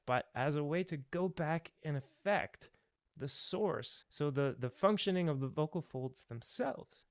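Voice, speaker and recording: A man's voice: a little high, clean tone, no echo. A man giving a voice tutorial, opinionated and emphatic, ranting at times. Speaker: voice teacher. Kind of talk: tutorial with rants.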